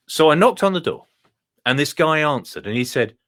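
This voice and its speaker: A man telling a comic story to an online group in a theatrical, animated way over a video call. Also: mid-range voice, moderate pace.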